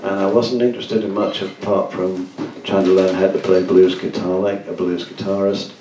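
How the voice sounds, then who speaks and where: Heard from far off in an echoey room, a man casually addresses an audience at a gallery book event as a musician, laughing through rambling anecdotes. His voice sits low with a flat delivery and a moderate pace, and there is background noise.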